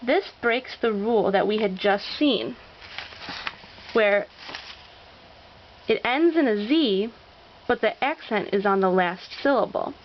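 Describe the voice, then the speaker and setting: A woman narrating a scripted language lesson, slowly sounding out each example word. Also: medium pitch, lo-fi sound, slight background noise. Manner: slow, deliberate, sounding out example words. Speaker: Spanish teacher.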